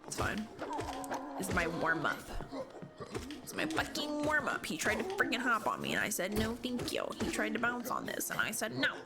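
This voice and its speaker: A woman's voice: fairly high pitch, wildly swooping pitch, normal speed. A young woman streaming a video game, commenting casually, thinking aloud and swearing in exasperation. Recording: game music behind her voice. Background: game music.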